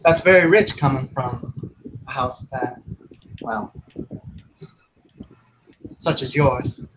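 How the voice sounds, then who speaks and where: A man's voice: mid-range voice, expressive, slow, noisy background. A man playing a sarcastic noble lady. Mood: haughty. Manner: mock-polite, cutting sarcasm. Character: haughty, sharp-tongued noble lady.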